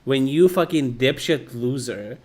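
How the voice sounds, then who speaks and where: A man's voice: mid-range voice, animated, a little slow, a little mellow. A man hosting a reaction video, chatting casually with lots of swearing and laughter. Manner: profane, laughs often, chatty.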